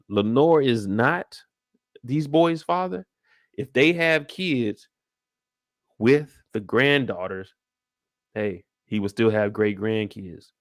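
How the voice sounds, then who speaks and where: A man casually rambling through a live episode recap in slangy, everyday speech. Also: mid-range voice. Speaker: streamer and show recapper.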